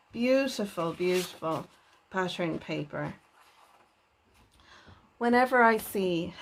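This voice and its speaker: A woman hosting a papercraft unboxing video, speaking gently and often enthusing over each item. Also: mid-range voice. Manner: gentle, enthuses with repeated "lovely". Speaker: papercraft channel host.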